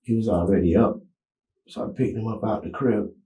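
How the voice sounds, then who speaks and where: A man being interviewed in a small room, talking in a halting, rambling way full of street slang. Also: fairly low pitch, warm tone. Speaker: interview subject. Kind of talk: police interrogation recording. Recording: echoey room, camera mic.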